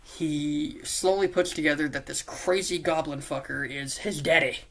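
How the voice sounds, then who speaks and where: A man's voice: a little high, fairly even intonation, normal speed, gravelly, fairly bright tone. Rambling, profane young-sounding man. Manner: profane, rambling, self-mocking, with silly put-on voices. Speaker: YouTuber pitching a movie idea. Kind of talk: rambling casual monologue.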